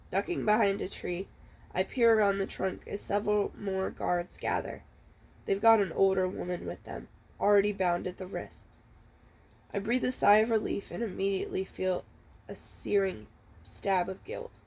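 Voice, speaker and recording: A woman librarian reading the first chapter of a novel aloud, in a steady, measured storytelling manner. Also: mid-range voice, gravelly, rough recording.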